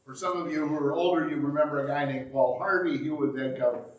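Dramatic pastor preaching in a roomy hall. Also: male voice, fairly high pitch, fairly even intonation, fairly quick. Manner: dramatic, reads scripture aloud with acted quotes. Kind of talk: sermon. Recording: roomy sound, mic at a distance.

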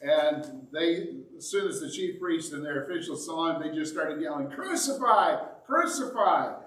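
A man preaching a sermon as pastor, dramatic and animated, reading scripture aloud and acting out the quoted lines. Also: a little high, normal speed, slight background noise. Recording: roomy sound, mic at a distance.

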